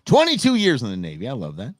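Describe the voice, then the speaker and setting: A man's voice: medium pitch, wildly swooping pitch, quick pace, no echo, studio quality. A man hosting a live show, chatting casually with viewers and laughing often as he reacts to their comments. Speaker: livestream show host.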